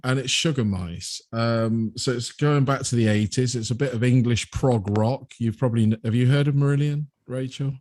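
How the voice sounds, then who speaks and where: A man's voice: medium pitch, moderate pace, few pauses, darkish tone, no room sound, clean studio sound. A man in his fifties co-hosting a podcast, talking earnestly and hesitantly with many "um"s. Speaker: podcast co-host. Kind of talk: casual chat.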